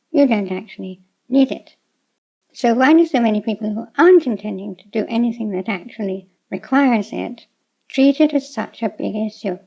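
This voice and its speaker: Gravelly high-pitched woman teaching. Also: warm tone. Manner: measured, reasoned delivery. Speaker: language teacher. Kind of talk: explanatory lecture on Japanese. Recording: dull lo-fi sound.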